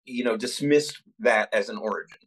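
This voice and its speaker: Measured, analytical man on a podcast. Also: lowish voice, fairly bright tone, husky, rough recording. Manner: measured and analytical, searching for words. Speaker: podcast co-host. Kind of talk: casual podcast discussion.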